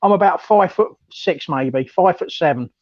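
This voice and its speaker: A man's voice: high-pitched, expressive, moderate pace, a little mellow, dry recording, highs cut off. A man with a London accent, calling in by phone to a live chat and telling a rambling story with lots of ums. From London, England. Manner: rambling, many ums, laughs at his own story. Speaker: caller on a live stream. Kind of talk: casual storytelling.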